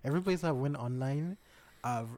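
A man's voice: medium pitch, normal speed, darkish tone. A young man from Jamaica, a podcast guest, talking casually and agreeing with his friend.

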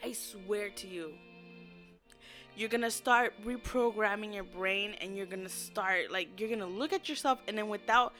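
A woman's voice: mid-range voice, moderate pace, a bit bright, faint music behind. Earnest young woman in casual chat. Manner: earnest, emotional, laughs often.

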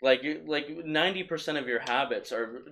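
A man talking as a podcast guest, reflective and hedging, thinking out loud with lots of "like" and restarts. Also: a little high, normal speed. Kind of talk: casual podcast chat.

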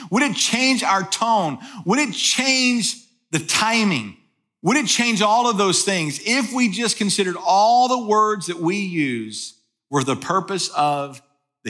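A man's voice: high-pitched, fairly bright tone. A man preaching a sermon in a conversational way, asking the listeners rhetorical questions. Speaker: pastor.

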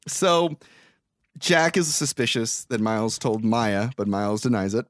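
A man's voice: lowish voice, animated, no room sound. Profane man recapping a movie, dry sound. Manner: profane, exasperated storytelling with quick quoted asides. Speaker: podcast co-host.

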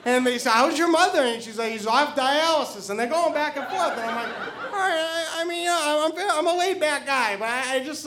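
High-voiced man telling a story, stammering. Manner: excited, stammering repetitions. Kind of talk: live storytelling.

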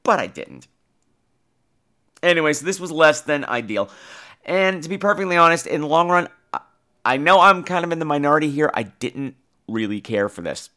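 Animated, lively-voiced male podcast host. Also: fairly high pitch. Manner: animated, jokey, swears casually. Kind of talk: casual film review.

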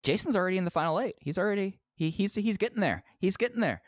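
Energetic man with a dry close sound. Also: sits high, fast talker, dry recording. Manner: energetic, filler-heavy. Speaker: podcast co-host. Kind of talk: casual chat, wrestling review.

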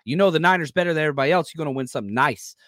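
A man's voice: fairly high pitch, rapid-fire, a bit bright, no echo, studio quality. A man hosting a live sports podcast, talking loosely and energetically while reading chat comments aloud. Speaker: podcast host.

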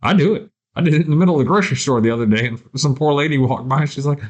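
A man's voice: medium pitch, animated, fast, hardly any pauses. A man hosting a podcast in casual chat, laid-back and profane, peppering his talk with "man" and "you know". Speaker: podcast host.

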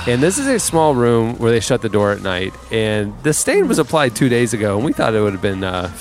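A man's voice: medium pitch, sing-song, a little fast. A man hosting a podcast, chatting casually and running through news and upcoming releases. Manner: chatty, self-deprecating, reads release news. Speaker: podcast host.

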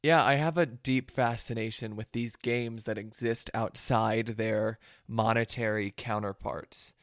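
A man's voice: on the low side, steady tone, no room sound, clean studio sound. A young man hosting a podcast, asking curious questions in casual chat full of fillers. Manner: curious, quick bursts with fillers. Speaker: podcast host.

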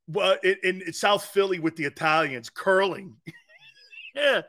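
A man hosts a sports talk show with an animated, high-pitched voice that swings up and down. His tone is bright and forceful, and his pace is unhurried. He wanders through jokes and side stories, laughing often. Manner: joking, laughs often, rambling asides.

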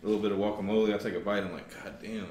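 A man's voice: fairly low pitch, fairly even intonation, racing, a little mellow. A man co-hosting a casual podcast, telling laid-back, profane stories to friends. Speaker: podcast co-host. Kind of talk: casual chat among friends. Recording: roomy echo with faint noise.

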